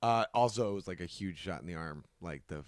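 A young man in casual podcast chat, telling lively anecdotes and slipping into quick put-on voices. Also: deep voice, clear, resonant tone, dry recording, studio quality. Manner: animated storyteller, puts on voices in anecdotes.

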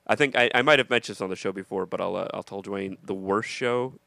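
A man's voice: low voice, quick pace, gravelly, no room sound. A male comedian hosting a podcast, telling stories in a casual chat and acting out the voices of the people in them. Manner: animated storyteller acting out voices.

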